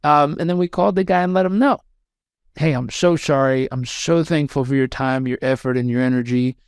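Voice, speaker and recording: A man in his thirties, a podcast guest telling a story in an animated way and acting out the voices of the people in it. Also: mid-range voice, brisk, clear, resonant tone, no echo, clean studio sound.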